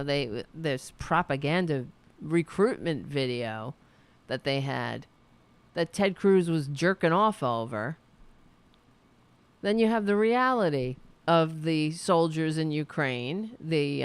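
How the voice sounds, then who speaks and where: A woman hosting a casual home livestream, talking slowly with a gravelly, lowish voice. She is sardonic and loose, swearing freely and rambling from one remark to the next. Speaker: show host.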